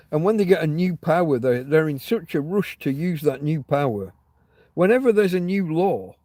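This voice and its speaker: A man's voice: fairly high pitch, darkish tone, no echo. A man hosting a casual livestream chat, telling rambling, wry stories with plenty of swearing, recorded outdoors. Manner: rambling, profane, wry storytelling. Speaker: livestream host. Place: outdoors on private land.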